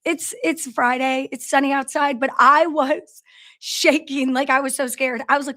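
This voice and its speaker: Chatty woman host on a company livestream, high voice, talks from an office. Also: steady tone, moderate pace, pushed and bright. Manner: chatty storyteller, greets viewers by name. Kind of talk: casual livestream chat. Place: office in a large factory building.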